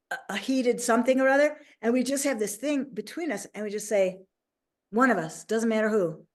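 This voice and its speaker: A woman hosting a casual interview as a life coach, talking in an animated way and acting out little quoted voices. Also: on the high side.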